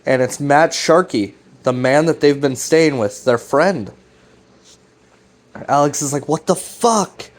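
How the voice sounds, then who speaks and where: Casual male recap host, mid-pitched, loose and profane. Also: slow pace, long pauses. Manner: loose, profane, full of fillers and restarts. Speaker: web series recap host. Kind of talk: casual rambling plot recap.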